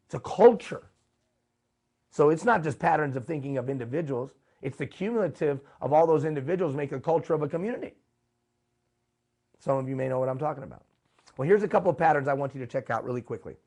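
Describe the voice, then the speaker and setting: Presenting a workshop live in an event room, this man talks with emphasis and asks his listeners rhetorical questions. His voice is slightly high with a darkish tone.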